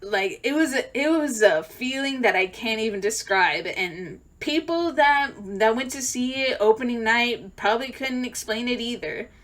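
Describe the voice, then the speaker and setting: A woman's voice: on the high side, normal speed, few pauses. Rambling, emotional young woman vlogger. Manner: rambling, emotional, many fillers and restarts; swings from loud excited outbursts to quiet near-tearful talk. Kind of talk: rambling story time.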